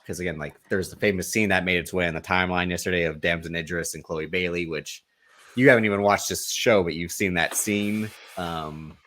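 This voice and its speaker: A man co-hosting a podcast, chatting casually about a TV show, peppering his talk with "like" and "um" and quick laughs. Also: sits low, sharp tone. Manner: laughs often, fills with um and like. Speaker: podcast co-host. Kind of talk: casual chat.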